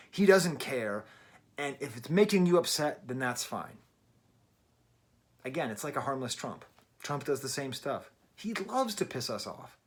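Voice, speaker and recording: A middle-aged man giving a casual, emphatic and wry album review from his daughter's bedroom at home. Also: mid-range voice. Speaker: music reviewer.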